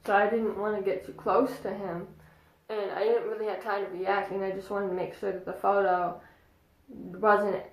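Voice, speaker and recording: A young woman in her twenties telling a casual storytime vlog, chatty and excitable with lots of fillers. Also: medium pitch, normal speed. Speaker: vlogger. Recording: echoey room.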